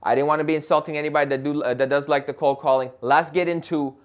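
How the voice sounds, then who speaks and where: Young man, fairly high voice, emphatic and loud, advice vlog to camera, keeps saying "right?". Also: fairly even intonation, quick pace. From Chicago area. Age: young adult. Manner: passionate, emphatic, talks loudly with frequent "right?". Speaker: real estate agent and vlogger.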